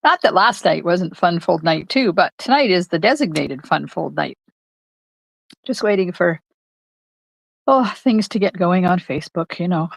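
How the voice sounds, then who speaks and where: A woman's voice: on the low side, animated, unhurried, creaky, no room sound. Chatty older woman hosting craft demo. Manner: chatty, greets viewers by name. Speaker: craft demonstrator. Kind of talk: live-streamed crafting demo. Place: home craft room.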